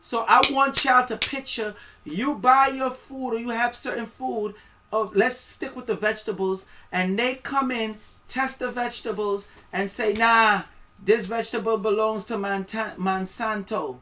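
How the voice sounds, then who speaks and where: West indian guy on a live stream, slow preachy rambling, bright voice, trips over words. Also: very high-pitched. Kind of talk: live-stream commentary, reading aloud.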